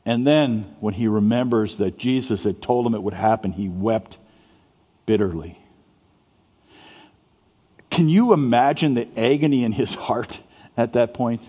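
A man's voice: fairly low pitch, a little slow, pauses often, warm tone. Man preaching in an echoing church hall. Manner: conversational preaching with stammered restarts. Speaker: pastor. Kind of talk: sermon. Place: church sanctuary. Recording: long reverb of a church hall.

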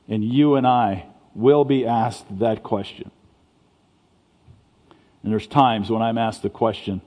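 A man's voice: medium pitch, warm tone. A man giving a sermon as pastor, talking conversationally and stumbling over restarts. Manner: conversational preaching with stammered restarts. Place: church sanctuary. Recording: long reverb of a church hall.

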